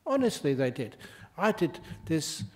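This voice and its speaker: Chatty monk with a raised voice. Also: male voice, on the high side, sing-song, measured pace. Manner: chatty, laughs at his own stories. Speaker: Buddhist monk teacher. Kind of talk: humorous dharma talk.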